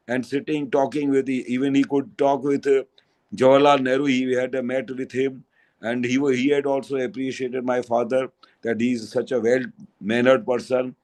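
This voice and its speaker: An older man with a Gujarati accent giving a spiritual satsang talk, telling anecdotes in a halting way with fillers and restarts. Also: mid-range voice, darkish tone, poor audio. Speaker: spiritual speaker.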